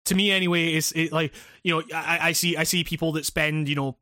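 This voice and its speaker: Bright-voiced man rambling casually. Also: fairly high pitch, steady tone, fairly quick, no room sound, studio quality. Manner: rambling, restarts often, joking with laughter. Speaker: podcast co-host reading listener questions. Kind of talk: casual chat.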